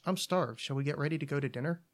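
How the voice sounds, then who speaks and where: A man's voice: on the high side, quick pace, close to an everyday voice. A man reading a short story aloud, voicing the narrator's cheerful, affectionate young girlfriend in a raised voice.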